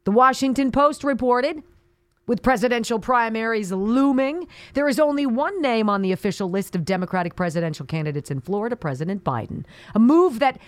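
Sarcastic, animated woman talk host. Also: fairly high pitch, a little fast, no room sound. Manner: sarcastic, indignant, mocking asides. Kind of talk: opinionated talk radio monologue.

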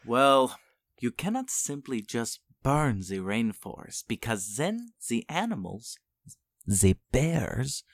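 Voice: medium pitch, sing-song, takes it slowly, dry recording, heavily acted. A performer playing an evil goose-feathered supervillain man with a German accent, menacing and grandiose, in broken English. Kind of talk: improvised comedy character interview.

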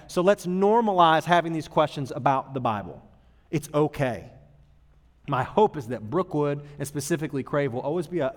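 A man preaching as a youth pastor in a church auditorium, talking in a casual, earnest way that moves from loud emphasis to hushed tones. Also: a little high. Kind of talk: sermon to youth group. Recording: long hall reverb.

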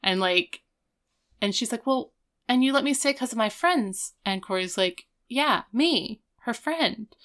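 A woman's voice: fairly high pitch, animated, unhurried, a bit bright. A woman co-hosting a casual recap chat, retelling scenes and quoting the characters as she goes. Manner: retells scenes with quoted voices. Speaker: podcast co-host.

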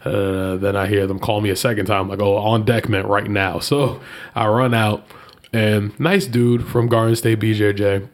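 A man in a casual chat, telling a story and voicing the people in it, leaping up in pitch when he quotes them. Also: normal speed. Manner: animated, jumps high when quoting people.

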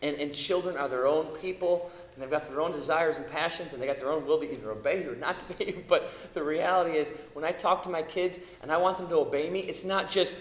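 A middle-aged male pastor delivers a sermon, pressing hard on key words and building to loud peaks. His voice sits fairly high for a man. The sound carries long reverb, as in a roomy church hall. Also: fast talker, hardly any pauses. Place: church sanctuary.

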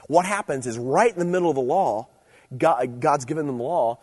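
Man, young adult, youth pastor, casual sermon, husky voice, storytelling, animated. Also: a little high, brisk. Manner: conversational storytelling, animated and playful when preaching.

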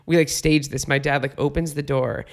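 Laid-back podcast host, slightly high voice. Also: male voice, fairly even intonation, normal speed. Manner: laid-back storyteller who swears freely. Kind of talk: casual podcast chat.

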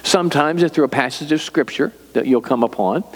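An older man preaching a sermon as a pastor, telling stories in a relaxed, conversational way. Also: fairly high pitch, a little fast, in a large hall.

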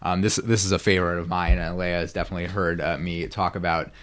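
A man's voice: sits low, level tone, quick pace, a bit bright. A man lecturing on biblical Hebrew grammar in a rambling, self-correcting way. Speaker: guest scholar.

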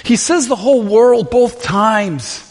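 A man's voice: extremely high pitch, animated, slow pace. A man preaching a sermon from a church sanctuary, impassioned and full of rhetorical questions. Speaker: pastor. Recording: long reverb of a large hall.

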